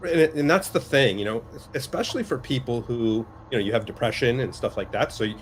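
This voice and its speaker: A man's voice: mid-range voice, fast, a little hiss or hum. Reflective male podcast host. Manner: reflective, thanks viewers by name. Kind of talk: casual podcast chat.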